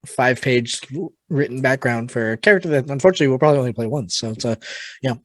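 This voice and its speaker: A man's voice: medium pitch, quick pace, a bit bright, slight background noise. A man hosting a tabletop game session, chatting casually and laughing often. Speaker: host.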